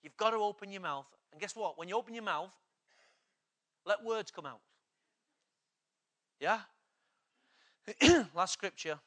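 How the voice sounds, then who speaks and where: High, forceful preacher. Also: male voice, measured pace, long pauses. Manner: urgent, exhorting preacher, building to loud emphatic passages. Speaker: pastor. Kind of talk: sermon.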